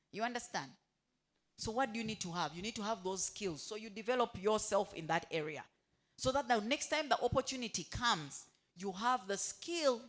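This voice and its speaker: Woman quizzing a staff audience. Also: mid-range voice. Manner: asks the room questions and has them finish her sentences. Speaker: motivational speaker. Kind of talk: staff training talk. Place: hotel staff meeting room.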